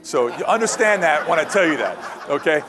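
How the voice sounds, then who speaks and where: A man giving a lively storytelling talk on wildlife photography to an audience, acting out the quotes and dropping into hushed asides. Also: fairly high pitch, normal speed, noisy background. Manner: animated, acts out quotes, drops to hushed asides. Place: presentation hall.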